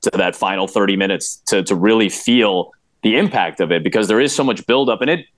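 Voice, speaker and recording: A man guesting on a podcast, talking about a film in an eager, casual way with many quick restarts. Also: lowish voice, dry recording. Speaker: podcast guest, play-by-play broadcaster. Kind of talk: casual chat.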